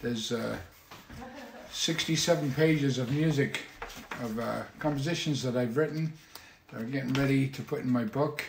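A man hosting a casual livestream from his home, talking in a rambling, halting way with many fillers. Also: mid-range voice, vocal fry, roomy sound, slight background noise. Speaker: musician hosting a weekly livestream.

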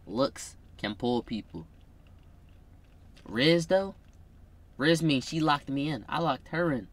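A young man, teasing his girlfriend in a casual vlog chat. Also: medium pitch. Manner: playful teasing, loud bursts. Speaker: vlogger.

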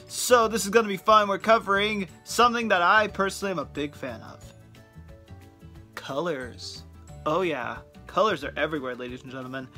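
A man's voice: high voice, pushed and bright. A young man hosting his own video, chatting casually and joking to camera. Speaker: vlogger host.

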